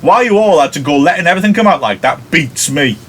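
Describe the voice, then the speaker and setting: A man reading the part of a blustering, pompous middle-aged businessman father, indignant and quick to blame others. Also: fairly high pitch, expressive, a bit bright, breathy edge, pitched above the performer's own voice. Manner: bluff, indignant, blaming.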